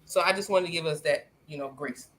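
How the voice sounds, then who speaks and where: A woman hosting a casual discussion, telling stories with animated emphasis. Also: low voice, a little fast. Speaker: host.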